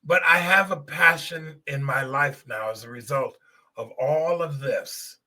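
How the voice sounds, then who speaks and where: A middle-aged man hosts a podcast and tells a personal testimony straight to his listeners. His voice sits a little high, very bright and husky, and his delivery is earnest and emotional. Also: a little slow. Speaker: podcast host.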